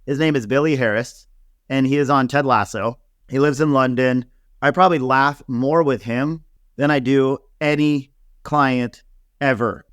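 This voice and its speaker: Relaxed man telling lively stories, dry sound. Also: mid-range voice, unhurried, clear, resonant tone, no echo. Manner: animated, laughing storyteller with many fillers. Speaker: celebrity hairstylist guest. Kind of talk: casual interview storytelling.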